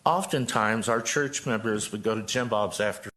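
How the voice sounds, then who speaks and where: A man's voice: lowish voice, moderate pace, a bit bright. A man in his sixties from Joplin, a pastor giving a prepared, earnest statement at a city council podium microphone. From Joplin, Missouri. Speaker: pastor speaking at public comment.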